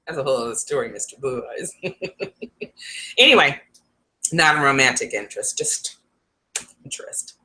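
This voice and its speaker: A woman's voice: extremely low pitch, big pitch swings, a little slow, pauses often, pushed and bright. A woman psychic advisor talking to her viewers in a casual, rambling vlog, laughing often.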